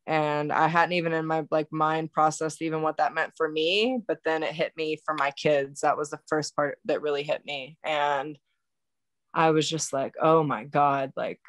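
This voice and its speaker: Woman on a podcast telling her story, lots of likes and restarts, flat monotone, dry close sound. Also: deep voice, no echo. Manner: halting, filler-heavy, many restarts. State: recounting shock and grief. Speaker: podcast guest; birth worker. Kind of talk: emotional personal storytelling.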